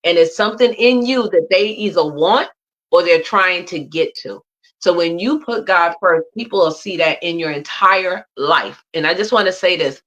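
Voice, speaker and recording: A woman's voice: fairly low pitch, normal speed, a bit bright, muffled recording. A woman from the USA, a guest mentor giving faith-based motivational advice in a preachy way that builds through repeated lists.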